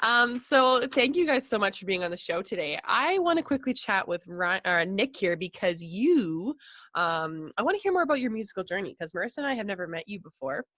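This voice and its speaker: A woman's voice: medium pitch, sing-song, fairly quick, a bit bright, no room sound. A woman with an Albertan Canadian accent hosting a casual chat over a video call, laughing often. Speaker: podcast host and musician.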